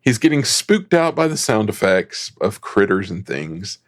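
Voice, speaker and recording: A man's voice: lowish voice, very animated, a little slow. A man co-hosting a film society show, chatty and laughing as he recaps the plot in a casual way. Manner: chatty, laughing, many ums.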